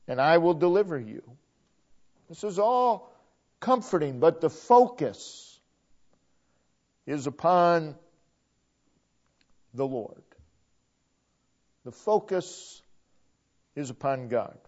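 Man preaching, slow and high, leans on every quoted line, muffled old recording. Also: lively intonation, a little mellow. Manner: emphatic, drawn-out delivery with frequent Bible quotations. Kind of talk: sermon. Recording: dull lo-fi sound.

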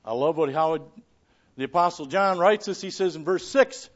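A man preaching a sermon, reading scripture aloud and swinging between loud declarations and hushed asides. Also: on the high side, moderate pace, dull audio. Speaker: pastor.

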